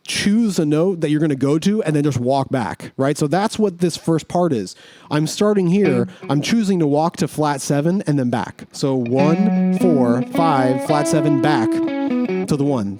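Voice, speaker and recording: A man teaching guitar in a casual, relaxed way, talking through note names as he demonstrates. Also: a little high. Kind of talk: casual instructional explanation.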